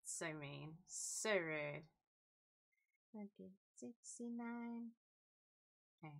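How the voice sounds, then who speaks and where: A woman's voice: mid-range voice, expressive, very slow, vocal fry. A young woman co-hosting a live stream in casual chat, giggly and teasing. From Great Britain. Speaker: stream co-host.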